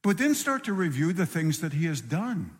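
A man's voice: a little high, big pitch swings, normal speed. A middle-aged man preaching a sermon, earnest and repeating phrases for emphasis. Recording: long hall reverb.

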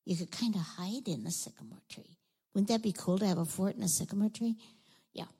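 A woman leading a children's sermon, telling a Bible story in an animated way and asking the kids questions. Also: medium pitch, brisk, husky, low-quality recording.

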